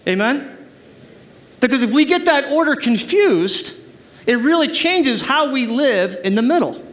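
Male preacher with a strikingly high voice, emphatic sermon delivery with call-and-response. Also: animated, a little slow, a bit bright. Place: church service.

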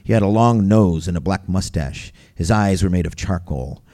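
A man's voice: low voice, normal speed, warm tone. A man reading his own first-person memoir aloud as a storyteller, vivid, wry and gritty.

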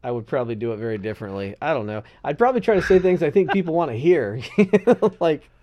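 A man co-hosting a podcast in loose, rambling casual chat, laughing often and breaking into loud excited bursts. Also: on the high side, quick pace, highs cut off, a little hiss or hum. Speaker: podcast co-host.

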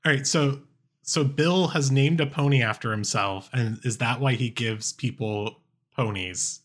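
A man hosting a podcast, asking questions in a halting way with many fillers. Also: medium pitch, fairly bright tone. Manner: halting, searching for words. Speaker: podcast host. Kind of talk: casual podcast interview.

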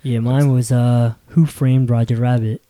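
A man's voice: mid-range voice, fairly even intonation, measured pace, dark tone. Eager rambling man reminiscing. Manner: eager, rambling recollection with many fillers. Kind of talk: casual chat.

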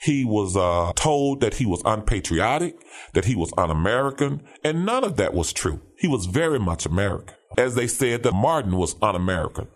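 A man, pastor and police officer, talks in a lively preaching cadence. His voice rises and falls widely as he repeats key phrases and keeps checking in with "all right?". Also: fairly low pitch, normal speed. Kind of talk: conversational commentary with preaching cadence.

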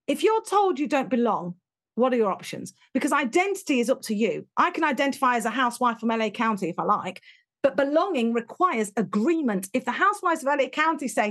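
A British woman talking in an interview, telling stories in an animated, emphatic way and acting out what people said. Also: high-pitched, fast talker. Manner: animated, emphatic storyteller who acts out quotes. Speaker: interview guest, education speaker. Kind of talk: conversational interview.

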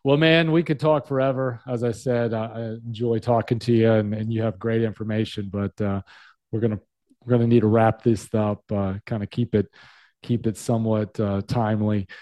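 Male podcast host, friendly and casual, relaxed mellow tone, dry sound. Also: lowish voice, moderate pace, dry recording. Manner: friendly, calls guest brother. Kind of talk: casual interview.

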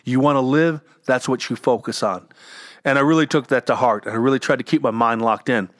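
Clean, studio-quality sound with no room tone carries a middle-aged man's mid-range, slightly bright voice at a fairly quick pace. A cancer survivor and entrepreneur, he speaks earnestly from his home with dogs about getting through illness, often repeating words as he goes.

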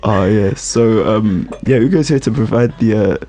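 A man's voice: on the low side, moderate pace, mellow, slight background noise. A man hosting a music show with easygoing, laughing banter. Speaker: radio show host. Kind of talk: casual chat.

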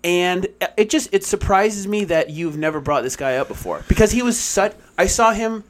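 A man telling a story in casual chat, animated and full of fillers like "like". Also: high voice, normal speed, slight background noise.

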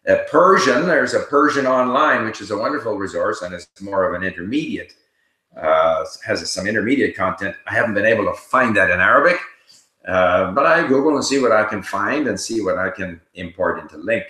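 A man hosting a casual live Q&A, reading viewer questions aloud and answering them in a relaxed, explanatory way while he thinks aloud. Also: on the low side, a little fast, echoey room, rough recording.

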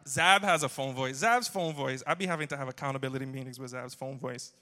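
A man's voice: medium pitch, fast, sharp tone. A man preaching a humorous sermon, telling jokey stories and bantering with the congregation. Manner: joking, storytelling, audience banter. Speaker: pastor. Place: church hall. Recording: long hall reverb.

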